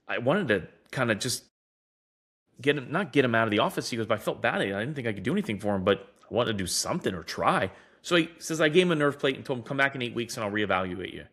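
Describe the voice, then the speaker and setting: A man on a podcast casually telling patient stories, acting out what doctors said to him. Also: mid-range voice. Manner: animated storyteller acting out quoted doctors. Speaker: guest, device innovator. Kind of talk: casual storytelling in a podcast interview.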